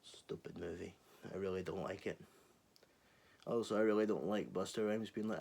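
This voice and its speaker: A young man in his twenties with a lowish voice rants to camera in a casual, exasperated monologue. He is sarcastic and swears freely. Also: fairly even intonation, moderate pace, creaky, darkish tone. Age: 20s. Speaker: channel host.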